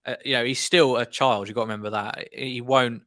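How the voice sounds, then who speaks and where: A man's voice: mid-range voice, fairly quick. A young man hosting a live football watchalong, giving exasperated fan reactions as the match plays out. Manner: animated, exasperated fan commentary.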